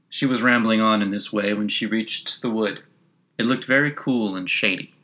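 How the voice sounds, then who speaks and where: A man narrating a children's classic as an audiobook, measured and expressive. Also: fairly low pitch.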